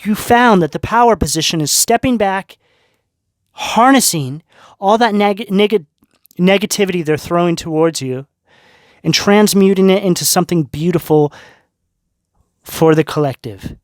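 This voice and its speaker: Speaking in a high voice at a moderate pace with long pauses, this male tarot reader gives his viewers a reading. His manner is earnest and spiritual, and he keeps checking in with "right?" and "okay?". The studio-quality recording has no echo.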